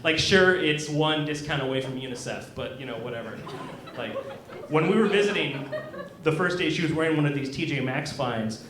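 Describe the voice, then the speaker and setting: A man's voice: on the high side, moderate pace, a crowd in the background. A young man from Kansas doing a stand-up set in a comedy club, awkward and self-deprecating, hesitating with many ums. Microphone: handheld stage mic. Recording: roomy club recording. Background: audience laughter.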